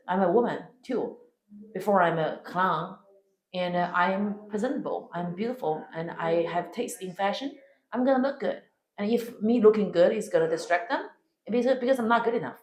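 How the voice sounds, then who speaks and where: A woman comedian whose first language is Chinese answers interview questions bluntly and emphatically in a Chinese accent, swearing freely. Her medium-pitched, darkish voice moves at a moderate pace, and the audio is poor, with an echoey room.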